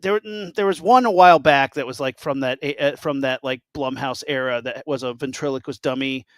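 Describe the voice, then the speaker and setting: A man's voice: mid-range voice, brisk, no room sound. A man co-hosting a casual podcast chat, telling stories with lots of fillers and restarts. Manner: excited storytelling, many fillers and restarts. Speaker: podcast co-host.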